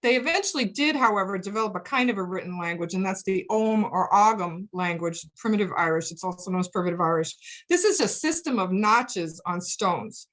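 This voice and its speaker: A woman's voice: mid-range voice, lively intonation, fairly quick, a bit bright. Woman lecturing on a video call, friendly, explains things, lots of ums, computer mic. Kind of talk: virtual presentation lecture.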